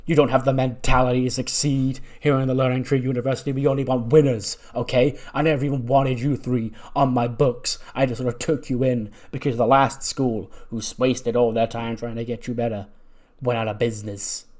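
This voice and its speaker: Man doing a sneering wrestling mentor, loud and raised a bit in pitch, in his own easy voice. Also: level tone, a little fast, natural voice. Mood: angry. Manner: scornful, lecturing. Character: smug arrogant male wrestling teacher.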